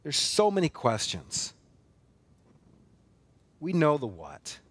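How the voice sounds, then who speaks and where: Man, pastor, sermon, high-pitched voice, dry close sound, emphatic repetition, rhetorical questions. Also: huge pitch swings, takes it slowly, breathy edge, no echo. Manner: emphatic, builds with repeated phrases; earnest, asks many rhetorical questions. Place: church sanctuary.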